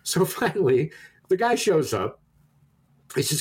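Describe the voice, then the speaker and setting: Husky man telling a story. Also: fairly high pitch, measured pace. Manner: animated, restarts words, acts out quoted dialogue. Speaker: storyteller in a conversation. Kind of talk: casual anecdote telling.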